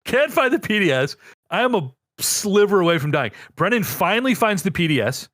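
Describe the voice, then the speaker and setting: Lively animated man telling gaming stories. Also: high voice, a little fast, dry recording, clean studio sound. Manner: animated storyteller, swears freely. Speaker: podcast co-host. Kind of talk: casual gaming podcast chat.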